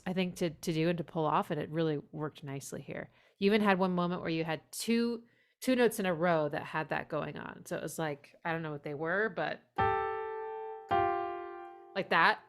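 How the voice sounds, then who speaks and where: A woman music teacher giving casual, enthusiastic feedback on a student's song, humming melodies along as she listens. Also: low-pitched. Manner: enthusiastic, warm praise, hums melodies along. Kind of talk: casual spoken critique over playback. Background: music playing.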